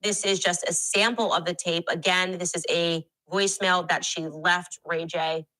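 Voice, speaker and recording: Sharp, bright-toned woman commentator. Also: on the low side, steady tone, moderate pace, low-quality recording. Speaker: commentator in a played clip.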